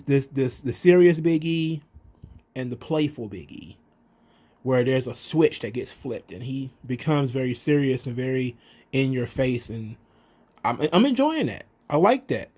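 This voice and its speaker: A man giving a casual, profane wrestling recap, acting out the wrestlers' lines in raised voices. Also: a little high. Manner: animated, profane, acts out quotes in raised voices. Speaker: wrestling commentary podcaster.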